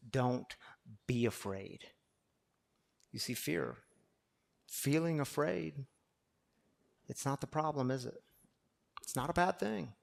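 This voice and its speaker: Pastor, male, higher register, preaches to a congregation, plays out inner dialogues. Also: vocal fry. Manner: addresses the congregation as y'all; acts out inner dialogue with fear. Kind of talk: sermon. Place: room with a live audience.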